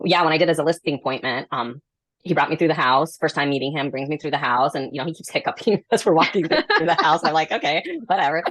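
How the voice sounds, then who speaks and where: A woman's voice: deep voice, fast talker, no room sound. A woman, a real estate agent, telling stories in casual chat and acting out the people she quotes. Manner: animated storyteller, acts out quotes.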